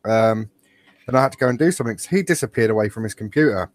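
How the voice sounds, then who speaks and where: A podcast co-host with a lowish voice talks fast with lively intonation while joining from home over an online call. It's casual chat: he cracks jokes, laughs a lot and wanders through stories.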